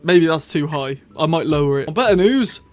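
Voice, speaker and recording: A man's voice: on the high side, expressive, fairly quick, faint music behind. A man talking casually in a solo review, rambling with self-corrections and apologetic asides. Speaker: YouTube reviewer.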